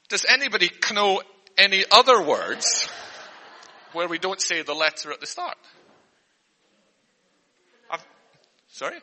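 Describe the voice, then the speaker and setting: A man's voice: sits high, sing-song, unhurried, long pauses, pushed and bright. A man doing a comic spelling lesson for an audience, in an earnest teacher's patter, often flustered and breaking off mid-sentence. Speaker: comedian. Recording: long hall reverb.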